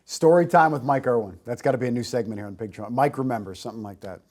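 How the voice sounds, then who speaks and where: Fast-talking man hosting a sports chat. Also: medium pitch, a little mellow. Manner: quick, joking banter. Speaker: host.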